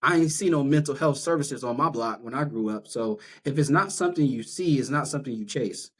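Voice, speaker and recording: A man's voice: medium pitch, fairly quick, slightly rough. Male guest, social worker; earnest and emphatic, easygoing delivery, mid-range voice. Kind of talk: casual interview conversation.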